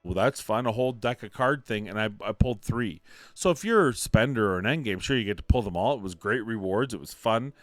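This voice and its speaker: A man's voice: fairly low pitch, animated, a little fast, no room sound, soft background music. A man giving opinionated commentary on a mobile game, emphatic and ranting, repeating points for emphasis. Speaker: mobile game content creator.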